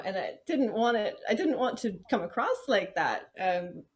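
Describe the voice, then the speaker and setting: A woman from Vancouver with a Canadian accent softened by a slight English tinge, speaking as an interview guest in a reflective, candid way with frequent ums. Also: medium pitch, big pitch swings, normal speed. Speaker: guest, musician and music therapist. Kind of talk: conversational interview.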